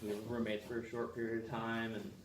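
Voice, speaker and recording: A man speaking at a memorial about a childhood friend, telling a plain, even story. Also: fairly low pitch, fast. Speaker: childhood friend giving a eulogy. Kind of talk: memorial tribute speech. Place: memorial service hall. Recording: echoey hall, distant mic, background noise.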